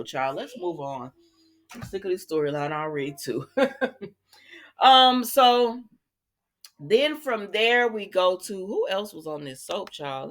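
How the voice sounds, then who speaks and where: A woman recapping a soap opera episode in casual chat, quoting the characters and adding her own asides to viewers. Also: lowish voice. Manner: chatty, talks straight to viewers, quotes characters, adds her own asides.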